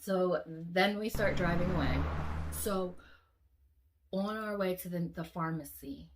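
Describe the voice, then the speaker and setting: A woman vlogger telling a long dream story in an animated, casual way, swearing often and acting out the lines. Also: lowish voice, unhurried, background noise.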